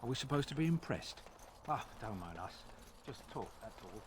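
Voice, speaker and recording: A man's voice: medium pitch, sing-song, normal speed, background noise, close to an everyday voice. A man voicing a brash, mocking dwarf gossip in a video game.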